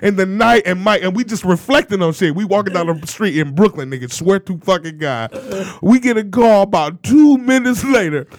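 A man's voice: high-pitched, normal speed, hardly any pauses, no room sound, clean studio sound. A man telling a comedy story, laughing often and acting out other people's voices, with plenty of swearing. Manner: laughs a lot, acts out voices, swears freely. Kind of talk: animated storytelling in a podcast chat.

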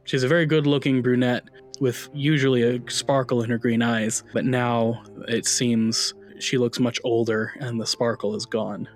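A man running a tabletop horror game as game master, narrating scenes in a relaxed way with frequent ums and uhs. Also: mid-range voice, normal speed, few pauses, soft background music.

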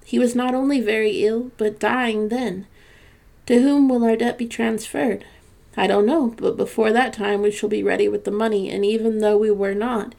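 Storybook: woman as a hushed, relieved husband, gravelly. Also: mid-range voice, natural voice.

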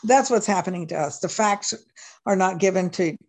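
A woman's voice: mid-range voice, normal speed, darkish tone. A woman guest in a casual discussion, speaking earnestly and emphatically.

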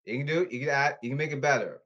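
A man rambling to his audience, reading rules off his phone and repeating himself insistently, with halting restarts. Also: mid-range voice, a bit bright, dull audio. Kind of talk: rambling monologue to camera.

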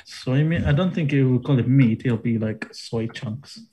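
A podcast co-host playing along with a quiz game, sounding lively and bemused, laughing easily. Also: medium pitch, normal speed. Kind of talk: casual podcast banter.

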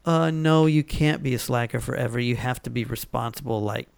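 A man's voice: mid-range voice, fairly quick, creaky, clean tone, dry recording. A man telling rambling stories in casual chat, full of fillers and restarts.

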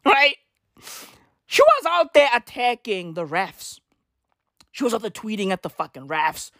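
A woman's voice: mid-range voice, big pitch swings, measured pace, fairly bright tone, no room sound, clean studio sound. A woman delivering a comedic sports rant in slangy, profane, repetitive street talk.

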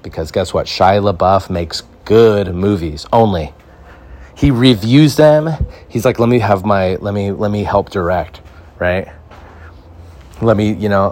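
A man from Mexico hosting a comedy podcast, rambling and joking as he tells stories. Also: deep voice. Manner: rambling, joking, animated storytelling. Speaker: podcast host. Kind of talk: casual comedy chat.

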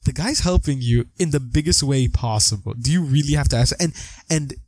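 A young man co-hosting a casual podcast chat about a film, animated and quick to act out lines from scenes. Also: dry recording. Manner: animated, acts out quotes with big pitch jumps. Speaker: podcast co-host.

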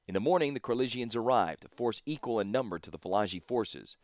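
A man narrating an audiobook in a measured, steady storytelling manner. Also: medium pitch, no echo, studio quality.

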